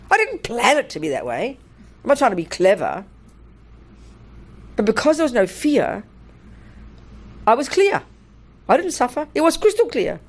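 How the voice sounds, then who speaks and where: An older woman, a Buddhist nun, giving a dharma talk in a blunt, animated way and laughing through her stories. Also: high-pitched.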